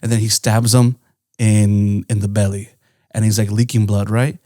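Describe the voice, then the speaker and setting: A man's voice: lowish voice, little pitch movement, normal speed, warm tone, no room sound, studio quality. A man co-hosting a podcast, casually retelling a story in a rambling way with lots of swearing and "right?" tags. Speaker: podcast co-host. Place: indoor podcast studio.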